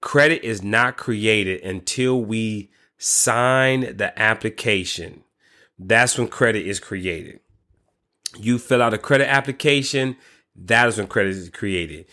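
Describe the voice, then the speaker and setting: Animated man telling a story, low voice. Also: slow. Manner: animated, frequent restarts and exclamations; swears casually. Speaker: credit repair coach. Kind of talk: casual storytelling.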